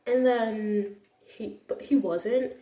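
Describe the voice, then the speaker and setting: A woman's voice: a little high, steady tone, slow pace, dark tone. A young woman who teaches computer classes, chatting casually and gushing with frequent restarts. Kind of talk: casual vlog chat. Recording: echoey room, voice from a distance.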